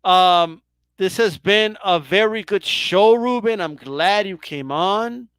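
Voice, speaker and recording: A man hosting a comic interview, teasing his guest and repeating a jab in slow, drawn-out words. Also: high-pitched, fairly bright tone, clean tone, no echo. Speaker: host.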